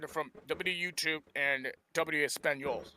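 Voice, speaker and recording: A young man co-hosting a wrestling podcast, chatting casually, excitable and swearing freely. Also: fairly high pitch, measured pace. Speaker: podcast co-host. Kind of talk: casual chat.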